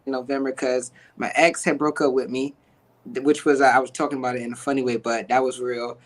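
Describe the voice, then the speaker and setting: A man being interviewed, an actor, telling an emotional personal testimony in a slangy, animated, preacher-like way, acting out quoted dialogue. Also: mid-range voice, brisk, low-quality recording. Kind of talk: emotional conversational storytelling.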